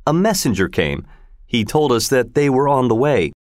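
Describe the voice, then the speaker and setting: A man voicing a courteous young gentleman who speaks warmly in a storybook reading. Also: mid-range voice, big pitch swings, normal speed, no echo, clean studio sound, voice pushed up, close to an everyday voice. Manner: warm, courteous.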